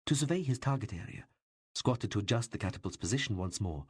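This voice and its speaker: A man reading an audiobook with expressive, varied narration. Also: lowish voice, breathy edge, no echo, clean studio sound. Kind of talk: scripted narration.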